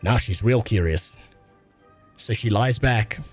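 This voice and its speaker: A man's voice: lowish voice, takes it slowly, faint music behind. A man doing crude, joking casual gameplay commentary as a streamer.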